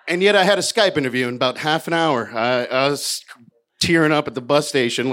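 A comedian from Florida telling a personal story, rambling, self-mocking and profane, with halting restarts. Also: male voice, on the high side, fairly bright tone. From Hollywood, Florida, USA.

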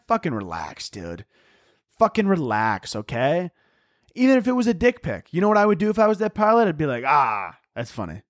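A man's voice: on the high side, no room sound. Male comic host, swearing and exasperated, voice jumping all over, dry close sound. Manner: profane, exasperated, mock-outraged. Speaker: podcast host. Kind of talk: solo comedic podcast rant.

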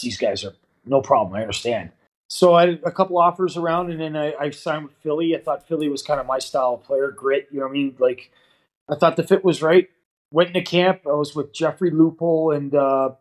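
A man's voice: mid-range voice, poor audio. A man in his forties from Canada, a former pro hockey player telling stories in an interview, full of "you know" and acted-out dialogue. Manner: animated, acts out quoted dialogue, frequent "you know". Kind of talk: casual storytelling interview.

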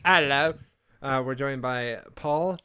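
A man's voice: medium pitch, slow, pushed and bright, smooth. A young man hosting a casual podcast, rambling with fillers and restarts. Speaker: podcast host. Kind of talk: casual chat.

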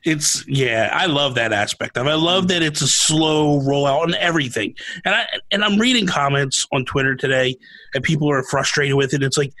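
A man talking as a podcast guest in casual chat, quick and emphatic with joking asides. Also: on the high side, pushed and bright, dry recording, low-quality recording.

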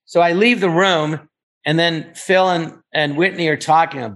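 An older man recounts an old sketch in a casual chat, slipping into the characters' lines as he tells it. His voice sits a little high for a man. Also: normal speed, vocal fry. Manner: animated storyteller acting out voices. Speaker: guest.

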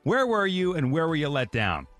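A male morning radio host with a slightly high, very lively voice that bounces up and down. He banters, jokes and acts out little quotes as he takes calls, over faint music in the background. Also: normal speed, no echo.

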